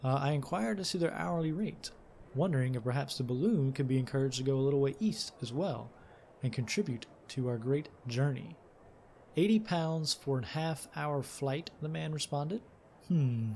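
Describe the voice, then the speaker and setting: A man's voice: medium pitch, moderate pace, creaky, mellow, a little hiss or hum. A man hosting a let's play, reading game text aloud and commenting casually, with fillers and self-corrections.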